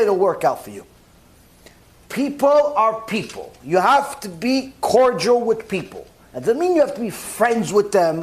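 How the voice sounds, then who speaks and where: Animated, high-pitched rabbi preaching. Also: male voice. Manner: animated, acts out little scenes with mock dialogue. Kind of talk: sermon lecture.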